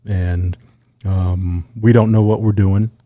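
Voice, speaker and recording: Low, dark-voiced man telling war stories. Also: slow, dry recording. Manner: relaxed storyteller, acts out quoted dialogue. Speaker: guest, retired Navy SEAL sniper. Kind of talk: casual storytelling interview.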